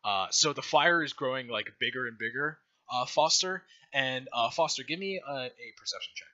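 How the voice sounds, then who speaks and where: A man's voice: medium pitch, normal speed, sharp tone, dull audio. A man narrating a tabletop game as game master, loose and casual and full of "like" and "uh".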